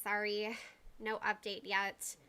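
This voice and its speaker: Bright chatty woman streamer. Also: medium pitch, monotone, slow pace, clear, resonant tone. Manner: chatty and rambling, greets viewers by name; uses y'all and like often. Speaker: livestream host. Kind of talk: casual livestream chat.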